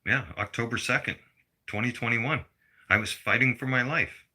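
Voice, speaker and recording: A man's voice: medium pitch, moderate pace, sharp tone, slightly rough. A middle-aged man delivering a blunt, profane personal rant to his viewers. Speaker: vlogger.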